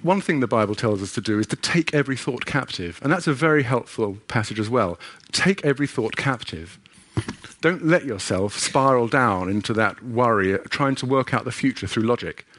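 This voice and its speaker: A man's voice: medium pitch, expressive, moderate pace, fairly bright tone. A middle-aged man giving a sermon with a personal story, earnest and conversational, often restarting his sentences. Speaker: preacher.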